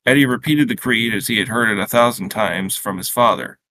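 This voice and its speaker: A man reading his own short story aloud in a steady, unhurried way, with small slips and restarts. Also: on the low side, slight background noise.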